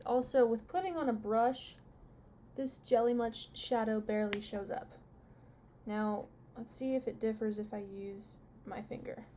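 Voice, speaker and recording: Chatty young woman with a mellow voice. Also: fairly high pitch, a little hiss or hum. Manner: candid, chatty, openly complaining. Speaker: beauty vlogger. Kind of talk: makeup review vlog.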